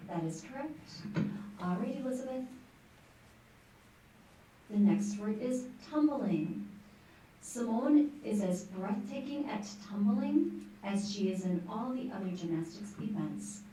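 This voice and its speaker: A woman pronouncing words and reading example sentences at a school spelling bee, in a clear, encouraging, teacherly way. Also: fairly high pitch, lively intonation, a little slow, pauses often, dark tone. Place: large school room. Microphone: distant microphone. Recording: echoey room from far off, faint noise.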